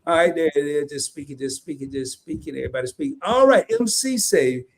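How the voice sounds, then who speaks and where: A Southern US man co-hosts a live stream, his voice slightly high and slightly quick. He's animated and folksy, chatting casually, cracking jokes and reading viewer comments out loud.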